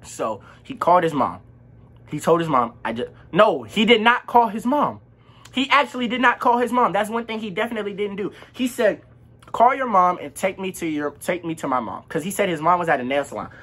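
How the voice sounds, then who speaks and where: A teenage young man with a husky voice tells a story for his vlog. His pitch swings all over as he gets into it, and he acts out every line of dialogue in loose, slangy talk. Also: expressive, brisk, a bit bright. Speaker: vlogger.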